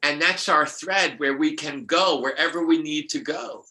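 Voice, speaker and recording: A man's voice: fairly high pitch, moderate pace, bright, forceful tone, poor audio. An older man, a numerologist guest, telling rambling spiritual stories with many restarts and laughs.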